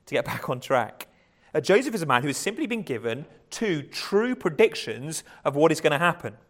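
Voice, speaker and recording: Higher-voiced preacher, chatty. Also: male voice, big pitch swings, a little fast. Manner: conversational, self-correcting, light chuckles. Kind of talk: sermon.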